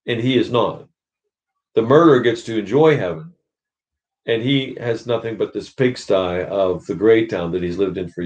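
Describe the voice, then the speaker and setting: A man leading a church book study, teaching thoughtfully and pausing to search for words. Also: fairly low pitch, a little mellow.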